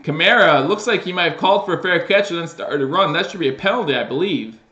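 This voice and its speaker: A man's voice: on the high side, fast, reverberant, muffled recording. A man hosting a live stream, giving casual play-by-play football commentary that picks up on big plays. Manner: casual, with fillers and restarts, rising excitement on plays. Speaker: host doing live play-by-play.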